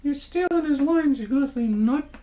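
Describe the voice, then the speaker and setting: A man voicing a grumpy, wisecracking boy ventriloquist dummy with a squeaky cartoonish voice, sarcastic in a comedy act. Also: moderate pace, dark tone. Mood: sassy. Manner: sarcastic quips.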